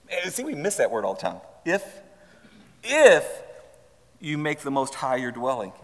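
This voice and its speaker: A man's voice: a little high, a bit bright, in a large hall. A man preaching a sermon to his congregation, repeating words and firing questions at them. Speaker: pastor. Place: church sanctuary.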